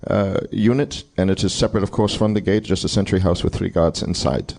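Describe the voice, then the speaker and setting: Low, careful male player. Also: fairly even intonation, vocal fry, mellow. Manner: careful, halting. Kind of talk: tabletop game chat.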